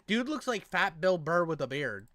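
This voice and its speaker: A man's voice: on the high side, big pitch swings, moderate pace, a bit bright, no echo. A young man giving crude, joking reaction commentary as co-host. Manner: crude, joking, says dude a lot.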